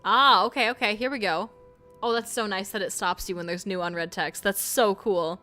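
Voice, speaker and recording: Brief: young woman game streamer, excitable and foul-mouthed, medium pitch, faint music behind. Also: normal speed. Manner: excitable, swears freely. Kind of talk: casual game commentary.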